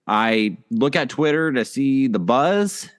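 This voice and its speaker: A man's voice: mid-range voice, expressive, slow. A man co-hosting a casual podcast, talking loosely with many fillers and restarts. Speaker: podcast co-host.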